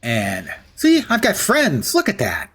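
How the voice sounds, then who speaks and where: A man streams live gameplay and talks through it in a chatty, rambling way, often poking fun at himself. His voice has a husky edge and swings widely in pitch. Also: huge pitch swings, slow, a bit bright. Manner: chatty, rambling, self-deprecating.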